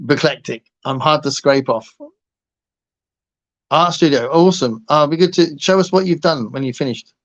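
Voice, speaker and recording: Here a man with a voice on the high side speaks at a moderate pace as he hosts a livestream. Chatting playfully with his audience, he laughs often and meanders across topics, heard through muffled lo-fi audio.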